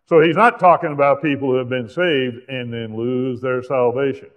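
A man preaches a sermon with emphatic, deliberate delivery, slowing right down when he reads scripture aloud. His voice carries a long echo from a church hall and sounds thin and tinny, as if heard over a phone line. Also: mid-range voice, fairly even intonation. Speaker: pastor.

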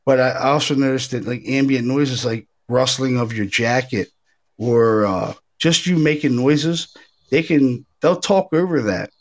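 A man hosting a casual talk show, a paranormal investigator telling stories in an animated way, full of fillers and restarts. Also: medium pitch, a little slow. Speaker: podcast host, paranormal investigator. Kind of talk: casual chat.

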